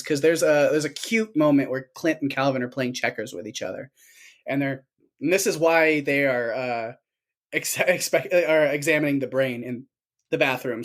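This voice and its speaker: A male co-host chats casually about a movie, his voice sitting in a middle pitch. He retells scenes with animated energy and breaks into laughter often. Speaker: podcast co-host. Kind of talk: casual chat recapping a film.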